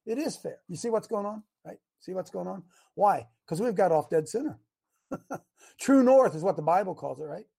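A male call-in host with a high voice. He talks in an animated way, sometimes slipping into mock dialogues to make his points. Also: moderate pace, vocal fry, slightly rough. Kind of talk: call-in show talk.

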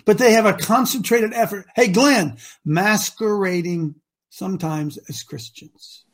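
A man's voice: high-pitched, measured pace. Emphatic, preachy male talk show host. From Ohio. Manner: emphatic and preachy, swinging between shouting and mutters.

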